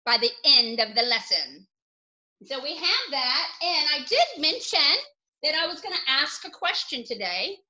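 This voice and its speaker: A woman teaching young children a phonics lesson in a playful manner, with sound effects and excited outbursts. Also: sits high, measured pace, dull audio.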